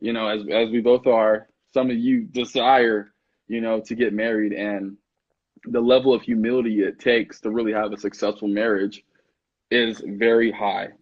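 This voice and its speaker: Encouraging husky man, dull lo-fi sound. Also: fairly low pitch, little pitch movement, normal speed. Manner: encouraging call-and-response interjections. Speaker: co-host. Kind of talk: casual podcast conversation.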